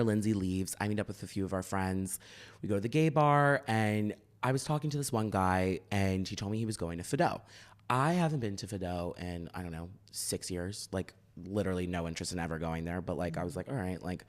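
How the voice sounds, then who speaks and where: Animated young Philly man telling stories. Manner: animated, acts out quotes with big shifts in pitch. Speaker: podcast co-host. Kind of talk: casual storytelling chat.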